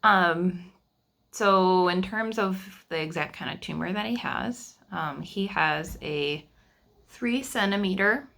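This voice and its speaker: A woman in her thirties recording a personal video diary at home, speaking in an emotional, halting way and often repeating phrases. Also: fairly low pitch, gravelly, fairly bright tone. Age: 30s. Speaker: vlogger sharing family news.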